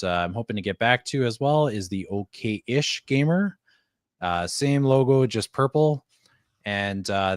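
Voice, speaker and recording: A Canadian man talking casually as a podcast guest, with a laid-back, smooth voice. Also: fairly low pitch, no room sound, clean studio sound. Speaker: guest YouTuber.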